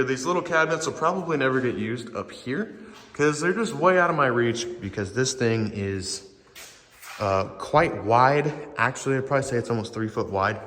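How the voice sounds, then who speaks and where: A man's voice: mid-range voice, expressive, moderate pace, fairly bright tone. A man with an ordinary mid-range voice talks in a loose, rambling way, tossing in casual swearing as he vlogs. His voice rings through a garage with a long, hollow reverb. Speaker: vlogger. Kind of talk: casual vlog walkthrough.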